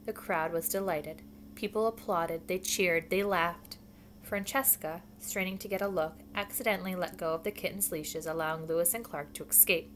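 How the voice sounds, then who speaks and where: A woman's voice: fairly low pitch, fairly even intonation, moderate pace, a little hiss or hum. A woman reading a children's book aloud at home, with casual asides. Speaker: reader.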